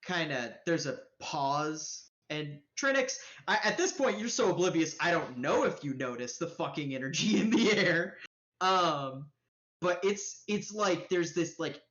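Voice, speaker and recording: A woman game master narrates a live-streamed tabletop game in a loose, profane, rambling way. She speaks slowly in a lowish voice, and the stream audio sounds dull and lo-fi. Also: fairly bright tone. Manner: casual, profane, rambling with fillers.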